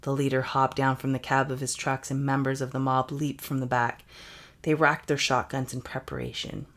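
Low-voiced woman reading a spooky story on a podcast, joking around between lines. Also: flat delivery, moderate pace. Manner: reads aloud with playful asides and laughter. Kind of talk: comedic story reading with banter.

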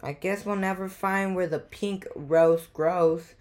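A woman reading aloud as an eager young girl detective, in a slowish storybook voice. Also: on the low side, fairly even intonation, a little mellow.

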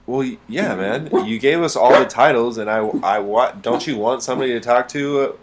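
A man chiming in on a casual podcast chat, relaxed and laughing softly. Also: medium pitch, normal speed, background noise.

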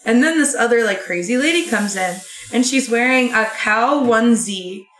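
A woman's voice: a little high, moderate pace. Chatty young woman in an echoey room. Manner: rambling, animated anecdote with many "like"s. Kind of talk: casual chat, storytelling.

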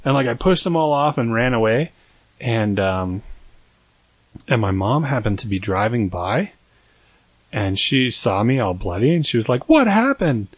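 A man's voice: mid-range voice, expressive, unhurried, long pauses, slightly rough, no room sound. A young man co-hosting a podcast, telling a long story in a rambling, self-deprecating way. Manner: rambling, self-deprecating, acts out quoted voices. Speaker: podcast co-host. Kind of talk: casual storytelling chat.

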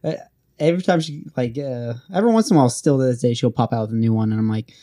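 A man's voice: mid-range voice, quick pace, warm tone, no echo, studio quality. A young man from Oregon in casual chat, telling stories in a laid-back, wry way and acting out bits of dialogue.

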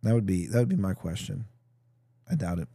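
A man hosting a podcast, reading a Bible passage aloud and then reflecting on it in a thoughtful, halting, casual way. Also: low voice, animated, vocal fry, warm tone, no room sound. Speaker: podcast host.

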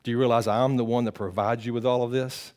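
A man's voice: medium pitch, fairly even intonation, quick pace, darkish tone, long reverb tail, lightly acted. Preacher putting on a raging king, proud man, indignant, defiant, talking down to others, plain middle voice.

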